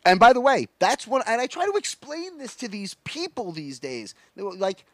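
A man's voice: sits high, sing-song, moderate pace, hardly any pauses, fairly bright tone, no room sound. A man, a comedian, joking and teasing in a casual chat. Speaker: comedian, guest.

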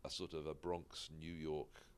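A man's voice: extremely low pitch, little pitch movement, unhurried, clear, resonant tone. A British comedian, a man who now lives in the Midwest, chatting casually on a podcast with a self-deprecating, laughing manner. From United Kingdom. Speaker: stand-up comedian, podcast guest. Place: Michigan-based.

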